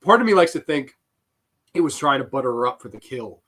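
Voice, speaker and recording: A man's voice: mid-range voice, very animated, a little fast, fairly bright tone, breathy edge. A young man giving rambling, profane live commentary on a horror film and breaking into giggling fits.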